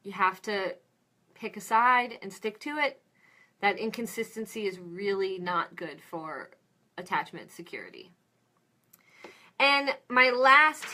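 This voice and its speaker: A woman with a bright, forward voice gives a relaxed mini lecture to parents. She explains each point plainly and now and then slips into little spoken examples of what to say to a child. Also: mid-range voice. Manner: friendly and explanatory, with fillers and acted example phrases.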